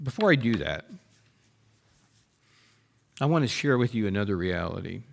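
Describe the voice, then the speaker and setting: A pastor preaching to his congregation expressively acts out heartfelt prayers and complaints addressed to God. His voice is on the low side, with vocal fry, at a normal speed.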